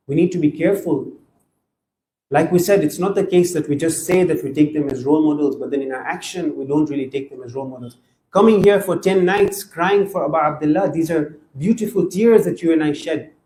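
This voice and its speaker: Guy preaching a majlis sermon, kinda high voice but mellow, lots of echo. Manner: earnest preaching, acts out quoted dialogue. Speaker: speaker at a Muharram majlis. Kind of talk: sermon storytelling. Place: mosque or hall gathering.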